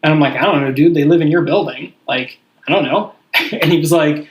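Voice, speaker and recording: Brief: young male podcast host, high-pitched, rambling and profane storyteller. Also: brisk, poor audio. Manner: profane, rambling, heavy use of "like". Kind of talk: casual storytelling chat.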